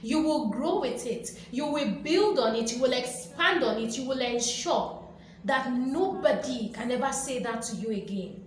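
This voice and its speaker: High-voiced woman in a very echoey room. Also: animated, unhurried. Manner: emphatic, repetitive and playful, acting out quoted reactions. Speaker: motivational video host. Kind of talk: motivational talk to camera. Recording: very echoey room with faint background noise.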